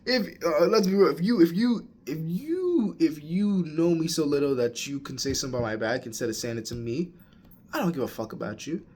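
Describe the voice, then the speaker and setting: A man's voice: fairly high pitch, lively intonation, a little fast, dark tone, breathy edge. A young man in college talking casually to camera, rambling with restarts and calling the listener "bro.". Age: young adult. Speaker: college student. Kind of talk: casual vlog rant.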